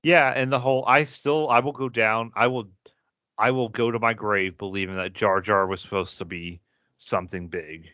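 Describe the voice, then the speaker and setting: Low-voiced midwestern dude geeking out, dry muffled podcast sound. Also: male voice, fairly even intonation, moderate pace, bright, forceful tone, no echo. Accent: Midwestern American. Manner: enthusiastic fan, rambling storyteller. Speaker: podcast co-host. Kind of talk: casual chat. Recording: dry, dull lo-fi podcast audio.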